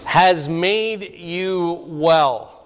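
A man's voice: high-pitched, extremely slow, big-room sound, a little hiss or hum. A man preaching a sermon, teaching the meaning of Greek words with rising emphasis. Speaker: pastor.

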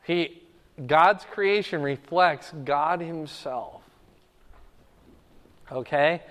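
Male Bible teacher, clear resonant voice, keeps checking in with the class. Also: a little high, very slow, a bit bright, in a large hall.

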